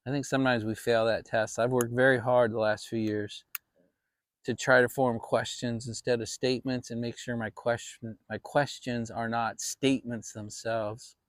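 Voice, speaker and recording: A man's voice: medium pitch, level tone, normal speed, no echo. A man hosting a casual fireside chat vlog, talking in a rambling, reflective way with many restarts. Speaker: channel host.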